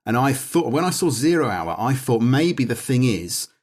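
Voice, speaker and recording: A man's voice: mid-range voice, very animated, normal speed, darkish tone. A British man in a casual podcast chat, rambling through anecdotes and reading out bits from his notes. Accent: British English. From Britain. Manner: rambling, digressive, reads aloud from notes. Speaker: podcast guest discussing documentary.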